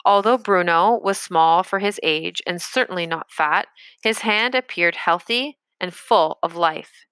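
A woman reading an audiobook chapter in a measured storytelling manner. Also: on the low side, fairly bright tone, smooth, no room sound. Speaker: audiobook narrator. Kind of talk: scripted narration.

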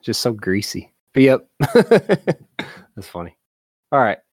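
A man's voice: medium pitch, sing-song, slow, dry recording, studio quality. A man, co-hosting a podcast in easy, casual chat and laughing often. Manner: laid-back, laughs often. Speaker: podcast co-host.

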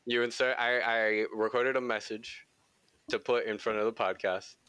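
A man's voice: mid-range voice, fairly even intonation, moderate pace, bright, forceful tone, smooth, no room sound. A man co-hosting a podcast in casual chat, rambling and swearing freely, laughing often. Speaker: podcast co-host.

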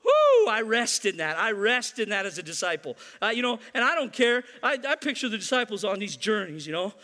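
A man preaching in a very high, bright and forceful voice, pressing his points hard and repeating them, with playful teasing asides. His voice rings out in a church with a long, lingering reverb. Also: expressive, fairly quick. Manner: emphatic, repeats key lines, teases the congregation. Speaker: pastor. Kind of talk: sermon.

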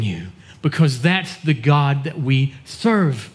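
A man's voice: sing-song, a little slow, few pauses, fairly bright tone. A man preaching as a pastor, telling a story in an earnest manner and acting out the people he quotes. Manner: earnest, acts out quoted dialogue in a lowered voice. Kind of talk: sermon storytelling.

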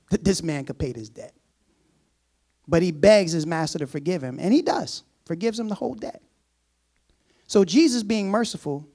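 A man gives a sermon, reading scripture, breaking off into laughing asides, and acting out the servant's words in a low, casual voice. His tone is darkish.

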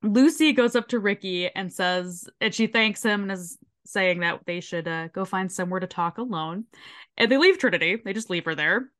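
A woman's voice: mid-range voice, moderate pace. Casting note: young adult woman, podcast co-host, loose profane recap, laughs as she goes. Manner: swearing, laughing, animated retelling. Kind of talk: casual episode recap.

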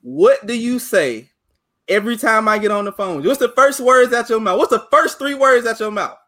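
A man's voice: very high-pitched, moderate pace, fairly bright tone. A man co-hosting a casual sports podcast over a remote call, teasing a friend and repeating himself with laughs. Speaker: podcast co-host.

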